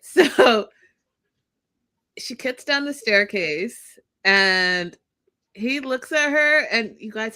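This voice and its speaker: A woman co-hosting a casual show recap, telling the story in an animated way and laughing often. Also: a little high. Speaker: co-host.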